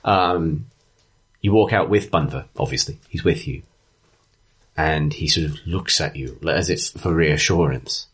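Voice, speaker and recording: A man's voice: extremely low pitch, unhurried, a bit bright, husky. A man narrating a tabletop game as game master, chatty and correcting his own wording as he goes.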